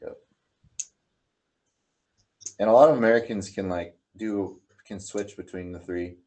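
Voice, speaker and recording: Deep, mellow Californian man. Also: measured pace. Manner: easygoing, hesitant ums. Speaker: language exchange partner. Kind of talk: casual online conversation.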